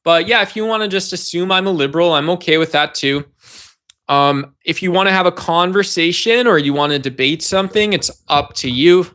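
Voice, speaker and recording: A man with a high voice hosts a loose livestream. He rambles and speaks straight to the viewers in his chat, as if they were sitting with him. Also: fairly quick, a bit bright, smooth. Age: adult. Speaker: livestream host. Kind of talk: casual livestream talk to chat.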